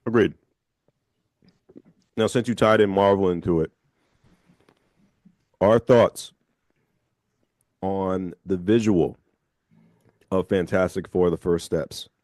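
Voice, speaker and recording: A radio host with a very low voice, speaking in a dry, close studio sound. He talks in a measured, thoughtful way and slows down to stress his points. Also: steady tone, darkish tone, no echo. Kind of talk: casual radio chat. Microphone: studio microphone.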